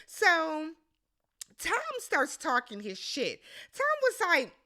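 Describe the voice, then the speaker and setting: A woman giving a casual, blunt recap of a reality competition show, swearing freely and acting out quotes with big jumps in pitch. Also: huge pitch swings, slow pace, sharp tone.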